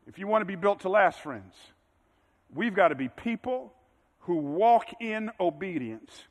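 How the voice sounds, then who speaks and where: A man's voice: high-pitched, animated, unhurried, in a large hall, phone-quality sound. A male pastor preaching a sermon, building to emphatic peaks as he drives his points home.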